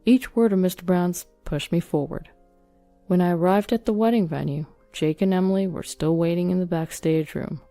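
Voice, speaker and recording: Woman narrating a story, lowish dark mellow voice, steady reading, soft music underneath. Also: normal speed, no room sound. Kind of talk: scripted first-person story narration. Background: soft background music.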